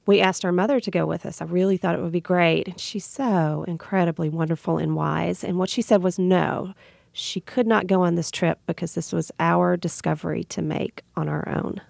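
A woman with a Southern US accent tells a heartfelt personal story on the radio, breaking into laughter now and then. Her voice is deeply gravelly and full of fry, and her pitch sits on the low side. The sound is very dry and close. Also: fairly even intonation, moderate pace, a little mellow, no echo. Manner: heartfelt, laughs while telling. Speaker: radio guest.

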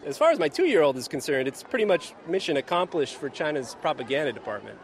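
A man's voice: on the high side, lively intonation, quick pace, a little hiss or hum. Man reporting from a busy outdoor expo. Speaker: reporter, bureau chief. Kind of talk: on-location radio report.

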